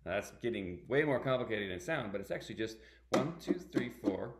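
A middle-aged man teaching a ukulele workshop, calmly explaining and vocalizing strum patterns by counting them aloud. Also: on the low side, fast talker, loud music behind the voice. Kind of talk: online music workshop lesson. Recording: echoey room with ukulele playing.

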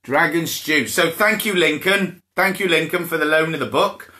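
Hosting a live bedtime story session for young children, a man reads playfully, laughing and putting on voices for the characters. His pitch is fairly high, his pace moderate, and his tone pushed and bright, recorded on a phone or camera for the stream.

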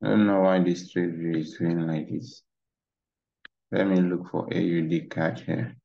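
Gravelly and mellow, the low voice of a trading instructor comes across flat and measured as he walks through charts. The casual screen-share tutorial is rambling and full of "you know," and the lo-fi mic sounds dull.

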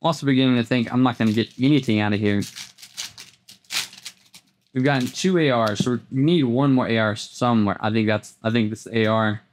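Chatty man calling out card pulls. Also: a little fast. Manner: chatty, repeats words, jumps into excited highs. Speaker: host opening trading card packs. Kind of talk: casual unboxing commentary.

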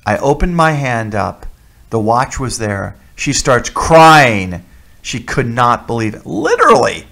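A man preaching as a deacon who tells personal testimony stories in an animated way, repeating key words for emphasis. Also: medium pitch. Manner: animated storyteller, emphatic repetition.

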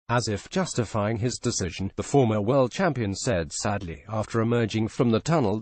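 A man reads out an entertainment news story, flat and repetitive in a read-aloud delivery. His voice is mid-pitched and sits in a dry, close recording with no room sound. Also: normal speed, no echo. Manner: flat, repetitive reading with lines repeated. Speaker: news reader.

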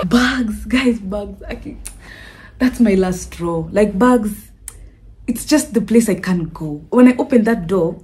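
A Kenyan woman vlogging casually, giggling often and reacting with animated chatter. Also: medium pitch. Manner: giggly, animated, mixing in Swahili.

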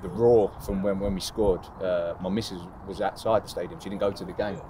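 Deep-voiced footballer reminiscing casually. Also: male voice, brisk, noisy background. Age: 30s. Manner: relaxed, rambling, with frequent fillers and laughs. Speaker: footballer being interviewed. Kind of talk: casual interview recollection.

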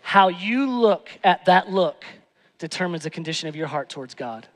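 A male pastor preaching a sermon, moving between hushed, tender lines and loud, emphatic ones. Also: sits high, lively intonation, moderate pace, long reverb tail. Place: church sanctuary.

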